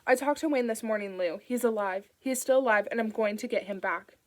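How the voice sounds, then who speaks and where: A hard-edged woman on the run, talking fast and forcefully, as a woman narrator reads her lines. Her words come clipped and urgent. It is an audiobook performance. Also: on the high side, lightly acted. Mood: determined.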